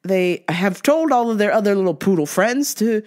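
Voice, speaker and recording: A woman's voice: mid-range voice, lively intonation, normal speed, darkish tone. A woman vlogger telling stories in a casual way, swearing, laughing often and acting out the people in them. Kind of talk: casual storytelling.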